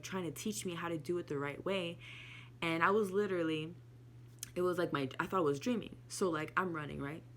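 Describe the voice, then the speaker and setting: Woman, low voice, gravelly fry, candid casual storytelling, swears a lot, faint hum behind. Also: fairly bright tone. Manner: candid, swears freely, emotional, laughs often. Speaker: spiritual vlogger.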